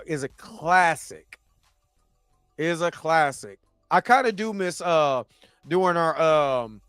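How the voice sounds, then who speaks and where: A laid-back man hosts a livestream and chats casually with his viewers, his voice sitting fairly high. He is recorded on a dry, close mic with faint music playing underneath. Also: a bit bright, clear, resonant tone, dry recording. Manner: laid-back, chatty, often laughing and trying voices. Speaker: livestream host reading chat.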